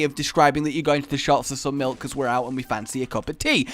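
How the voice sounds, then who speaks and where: A man's voice: medium pitch, steady tone, quick pace, hardly any pauses, a bit bright. A man commenting on gameplay in a rambling, playful, jokey way. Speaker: gaming video host.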